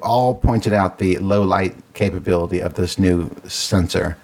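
A man with a lowish voice talks through phone specs in an easygoing chat. He explains things steadily and reads out details as he goes. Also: measured pace, darkish tone. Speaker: podcast co-host. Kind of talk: casual tech chat.

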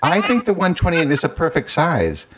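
A man's voice: a little high, huge pitch swings, normal speed, fairly bright tone, husky. A man co-hosting a casual tech chat, explaining details and reading them out. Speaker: podcast co-host.

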